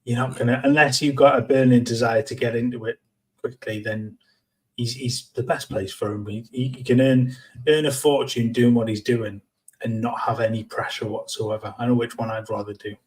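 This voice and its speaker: A man co-hosting a casual football podcast, giving blunt, measured opinions with frequent restarts. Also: mid-range voice, fairly even intonation, poor audio. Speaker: podcast co-host.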